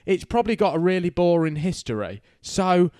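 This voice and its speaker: A man's voice: high voice, very animated, normal speed, darkish tone, no room sound, clean studio sound. A man co-hosting a podcast, chatting casually and telling rambling stories full of tag questions. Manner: banter-filled, rambling storytelling with tag questions. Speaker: podcast co-host. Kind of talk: casual chat.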